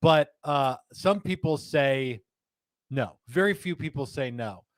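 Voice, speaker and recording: A man hosting a live stream, talking in a chatty, rambling and animated way. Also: mid-range voice, slow pace, dry recording. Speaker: host.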